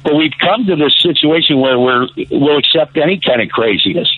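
A man calling in to a radio show, talking haltingly and often repeating himself. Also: on the high side, expressive, no room sound. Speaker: caller. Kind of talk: call-in radio chat. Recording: phone line.

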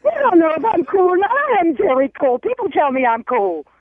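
A woman's voice: very high-pitched, very animated, a little fast. A woman on a phone call, indignant and defensive as a prank caller baits her. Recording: tinny phone line.

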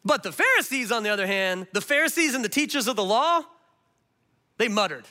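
A male pastor delivers a sermon with lively, dramatic swings in loudness. His voice is high and bright, moving from hushed asides to punchy emphasis. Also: brisk. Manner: animated, swings between loud and hushed.

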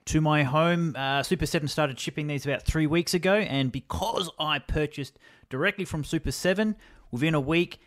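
A man's voice: a little high, normal speed, a bit bright. A man co-hosting a podcast, describing a toy collectible in casual, enthusiastic detail. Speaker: podcast co-host. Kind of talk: casual chat.

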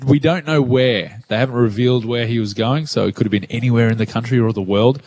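A man's voice: mid-range voice, fast talker, a little mellow, a little hiss or hum. A man with an Australian accent co-hosting a radio show from his living room, joking and laughing often. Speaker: radio co-host. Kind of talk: casual chat.

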